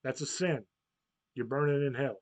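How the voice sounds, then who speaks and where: A man's voice: medium pitch, moderate pace, no room sound. A man, a podcast host, talking casually in a profane, rambling, heated way. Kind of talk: casual chat.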